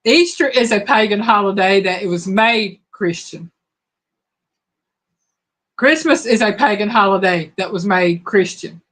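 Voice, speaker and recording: A woman hosting a live trivia chat. Her voice is hoarse, and she talks casually while reading out viewers' answers. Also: medium pitch, unhurried, fairly bright tone. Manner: chatty, reads out viewers' answers.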